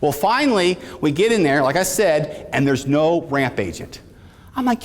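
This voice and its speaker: A man's voice: a little high, normal speed. A man giving a motivational keynote speech, telling a story with energy and calling out to the audience. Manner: animated storytelling with audience call-outs. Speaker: keynote speaker. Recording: reverberant hall.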